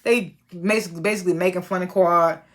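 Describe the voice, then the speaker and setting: A woman's voice: on the low side, fairly even intonation, moderate pace. A woman casually recapping a reality TV episode, chatty and slangy, with lots of fillers and exasperated asides.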